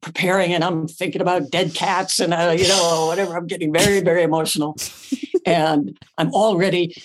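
A woman actress as a podcast guest, telling animated stories, acting out her own past lines and swearing casually. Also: on the low side, fairly quick, crowd noise. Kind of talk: animated storytelling.

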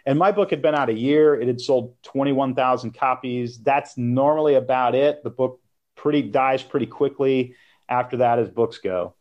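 A middle-aged man, an author and interview guest, telling a personal story in an animated way and laughing as he goes. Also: mid-range voice, moderate pace, highs cut off.

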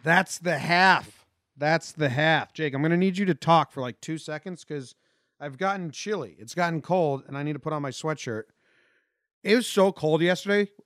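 A man's voice: fairly high pitch, brisk, no room sound. A man co-hosting a casual podcast, laid-back and joking as he reads odd headlines with dry asides. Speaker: podcast co-host. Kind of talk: casual sports and news chat. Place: old beach cottage on an island.

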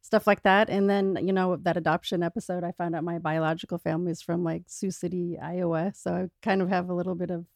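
A woman chatting as a podcast guest with an animated, chatty manner. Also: fairly low pitch, quick pace, creaky, few pauses, no room sound, clean studio sound. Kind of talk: casual chat.

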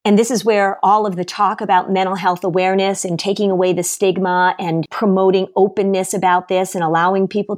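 A woman's voice: mid-range voice, darkish tone. Earnest woman therapist, emphatic. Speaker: therapist guest. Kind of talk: podcast interview.

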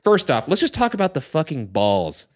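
A man's voice: fairly high pitch, huge pitch swings, normal speed. A man talking on a podcast, chatting casually and emphatically about a film, swearing for effect. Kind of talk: casual comedic chat.

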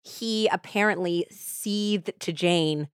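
A woman's voice: on the low side, slow pace, clean tone, dry recording, studio quality. A woman hosting a podcast, casually retelling a true-crime case and peppering it with "like". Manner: chatty retelling with frequent "like". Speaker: podcast host.

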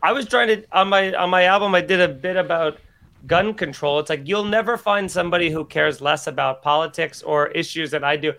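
A male comedian appearing as a podcast guest, chatting casually and cracking jokes. He talks in a fairly high voice and riffs quickly in mock voices. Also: vocal fry, bright, forceful tone.

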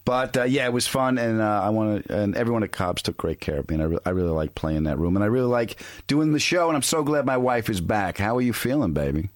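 Animated middle-aged male podcast host. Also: fast talker, hardly any pauses, no room sound. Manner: animated storyteller, jumps into high mock voices. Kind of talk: casual chat.

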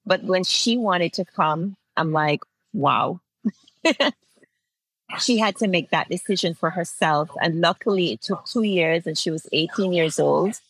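A woman's voice: sits low, a bit bright, husky, poor audio. A woman in her forties with an Antiguan accent, speaking as an interview guest and telling her story with feeling and frequent laughter. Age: 40s. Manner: heartfelt storytelling, laughs often. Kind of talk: interview conversation.

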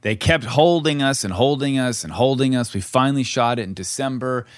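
A man's voice: mid-range voice, brisk, no room sound, clean studio sound. A middle-aged man co-hosting a podcast, chatting candidly and rambling with frequent restarts. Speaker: podcast co-host, actor. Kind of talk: casual podcast chat.

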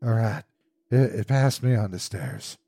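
A man voicing a terrified old husband who speaks in a shaky, hushed voice. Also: fairly low pitch, a little slow, no echo, clean studio sound. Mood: fearful.

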